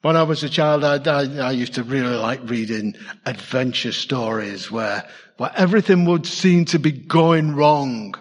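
A man's voice: mid-range voice, measured pace, in a large hall. A man preaching a sermon in a church, conversational and asking his congregation questions. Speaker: pastor.

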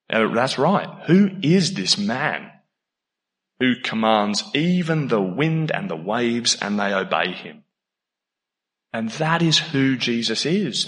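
A man preaching a sermon in a lively, conversational way, laughing often and jumping into sudden emphatic bursts. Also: mid-range voice. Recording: long hall reverb.

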